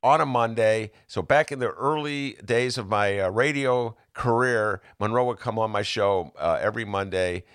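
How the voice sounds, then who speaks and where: A man hosting a podcast interview, speaking thoughtfully and haltingly as he searches for his words. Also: fairly low pitch, fairly bright tone, clean tone, no room sound, studio quality. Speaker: podcast host, former radio host. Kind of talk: conversational interview.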